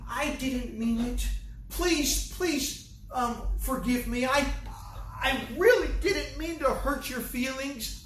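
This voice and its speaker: A man's voice: extremely high pitch, a bit bright, voice pushed up, full character voice. A man acting out a fretful, groveling man who stammers apologies, in an echoey room away from the mic. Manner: stammering, pleading, flustered. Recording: echoey room, distant mic, faint hiss.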